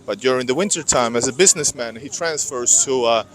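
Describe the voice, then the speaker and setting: Talking a little fast in a mid-range, slightly bright voice, a man walks a city street in winter during a casual live vlog. He's chatty and rambling, addressing viewers as "guys" through his clip-on mic.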